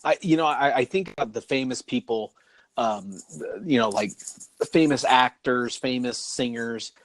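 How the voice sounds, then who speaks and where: A man's voice: medium pitch, a little slow, dry recording. A man co-hosting a podcast in casual chat, rambling and laughing often as he talks. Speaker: podcast co-host.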